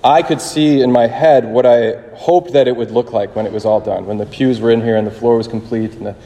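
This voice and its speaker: A man giving a conversational sermon in a chapel, halting and restarting as he tells a story. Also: medium pitch, steady tone, mellow. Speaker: priest. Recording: long chapel reverb.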